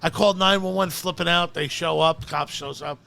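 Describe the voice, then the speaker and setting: A middle-aged man with a New Jersey accent, telling a profane story in animated bursts and acting out every voice in it. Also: fairly high pitch, moderate pace, vocal fry. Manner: animated, acts out the voices in his stories, frequent swearing. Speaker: podcast guest, storyteller.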